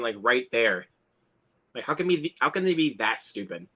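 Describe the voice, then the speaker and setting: Lively bright-voiced man hosting a watch-along. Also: mid-range voice. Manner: excitable, swears, quick reactions. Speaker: host. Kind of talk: casual movie watch-along commentary.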